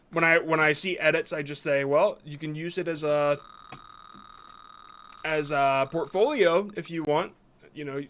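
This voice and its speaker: A man's voice: a little high, fairly bright tone. A man hosting a live stream, reviewing viewers' short videos in casual commentary that is hesitant and apologetic, with many restarts.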